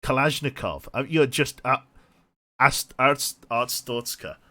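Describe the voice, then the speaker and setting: A man's voice: medium pitch, expressive, slow, pushed and bright. A man streaming a game, thinking aloud and rambling to himself with many restarts. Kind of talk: casual thinking-aloud gameplay commentary.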